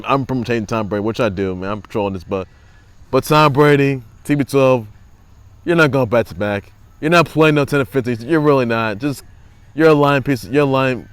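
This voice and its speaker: Smooth-voiced rambling sports host, man. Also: medium pitch, no room sound. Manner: rambling, repeats phrases, mocking and trolling. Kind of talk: casual sports commentary.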